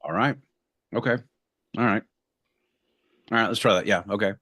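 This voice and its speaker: A man's voice: lowish voice, moderate pace, fairly bright tone, no echo. A man co-hosting a podcast, exasperated and profane in casual banter over a video call. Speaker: podcast co-host.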